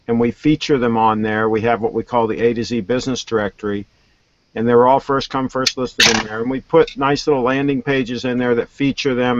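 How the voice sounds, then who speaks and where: A man's voice: mid-range voice, no room sound. A man calling in as a guest, chatting casually about his websites with frequent restarts. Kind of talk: casual call-in chat. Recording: dull dry phone-line sound.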